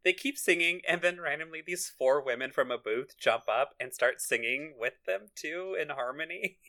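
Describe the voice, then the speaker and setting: A woman's voice: low-pitched, normal speed, sharp tone. A woman co-hosting a casual podcast, laughing often as she retells scenes from a TV episode. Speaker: podcast co-host. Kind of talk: casual chat recapping a TV episode.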